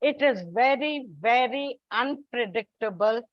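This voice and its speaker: A high-pitched woman teaches an English lesson at an unhurried pace, setting out her examples one after another and calling her students children. Her voice sounds close and dry, with a dull, lo-fi quality. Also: no echo. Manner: slow, deliberate, repeats and lists examples. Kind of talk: classroom lecture.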